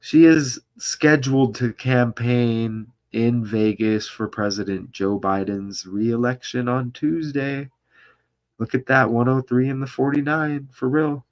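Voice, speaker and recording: A man's voice: mid-range voice, fairly even intonation, a little slow. A man vlogger reading a news article aloud and breaking off into commentary, stumbling over names and asking rhetorical questions.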